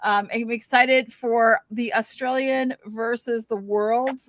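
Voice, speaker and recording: A woman's voice: fairly high pitch, fairly even intonation, takes it slowly, fairly bright tone, no echo. A woman hosting a fan podcast, wrapping up in a chatty, rambling way with plenty of ums and thank-yous. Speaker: podcast host. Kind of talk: casual show wrap-up chat.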